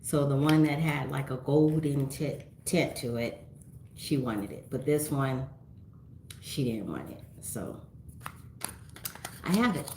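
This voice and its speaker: Middle-aged woman on a phone livestream, low voice, roomy sound, chatty and laughy. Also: expressive, takes it slowly, pauses often, darkish tone, a little hiss or hum. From California. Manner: chatty, reads viewer comments aloud, laughs often. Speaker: livestream host. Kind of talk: casual livestream chat.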